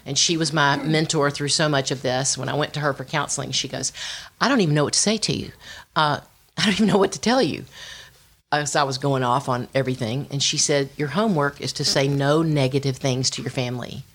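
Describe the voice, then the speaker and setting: Low-voiced woman sharing testimony. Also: brisk. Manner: storytelling, animated with quoted dialogue and sung lines. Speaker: women's ministry speaker. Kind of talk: personal testimony talk.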